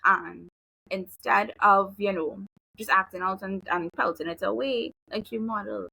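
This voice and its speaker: A woman in her thirties talks through parenting advice with a bright, forceful edge and plenty of vocal fry. She sounds dry and close. She is chatty and easygoing, and she slips into little acted-out lines as she goes. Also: mid-range voice, measured pace, no echo, low-quality recording. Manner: relaxed, chatty, acts out example phrases. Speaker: behavioral analyst guest. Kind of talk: casual advice conversation.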